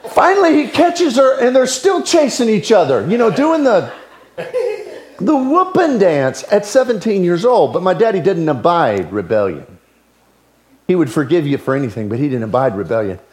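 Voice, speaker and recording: High, animated male preacher. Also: normal speed, noisy background. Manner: animated storytelling with wide swings between loud and hushed. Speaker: pastor. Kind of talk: sermon.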